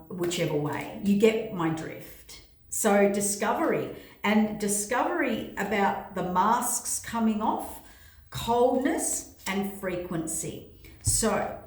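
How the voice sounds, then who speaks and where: A woman talking casually as a tarot reader giving a spiritual forecast, rambling and repetitive with many fillers. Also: medium pitch. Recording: very echoey room.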